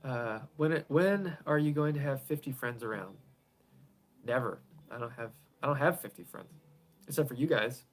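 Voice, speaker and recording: An easygoing man chatting through a live stream from his home garage, answering questions one after another. He rambles, laughs a lot, and lets his sentences fade out softly. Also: medium pitch. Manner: rambling, chuckles often, trails off quietly. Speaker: pedal builder hosting a live stream. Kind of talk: casual live-stream chat answering viewers.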